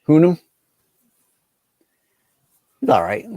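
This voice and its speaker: A man's voice: fairly high pitch, wildly swooping pitch, very slow, mellow, no room sound. A man co-hosting a comic podcast, mostly giving short, dry remarks. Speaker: podcast co-host. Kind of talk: casual comic podcast banter.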